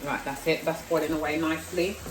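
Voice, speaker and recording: Vlogger: London woman, lowish voice, chatty cooking talk, echoey kitchen away from mic, frying behind. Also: steady tone, a little fast, recorded from a distance, background noise. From South London, England. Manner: chatty, self-deprecating, talks while cooking. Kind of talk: casual cooking vlog chat. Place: home kitchen. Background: frying and sizzling food.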